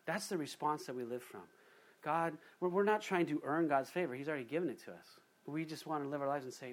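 A man pastor giving a casual, animated Bible study sermon. He voices the imagined speakers himself. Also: fairly high pitch, fast.

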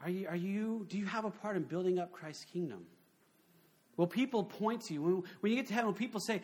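Man, high voice, pastor preaching, conversational sermon, rhetorical questions, animated delivery. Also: brisk, breathy edge.

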